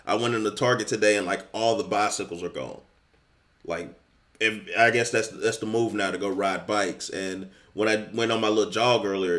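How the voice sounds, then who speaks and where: A young adult man co-hosting a podcast, telling stories in a relaxed, easygoing way. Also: fairly low pitch. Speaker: podcast co-host. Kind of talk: casual chat.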